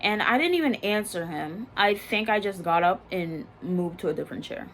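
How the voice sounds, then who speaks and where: A young woman telling a personal story in a casual, halting way, full of fillers and restarts, often subdued. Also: mid-range voice, lively intonation, a bit bright, slight background noise. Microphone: phone.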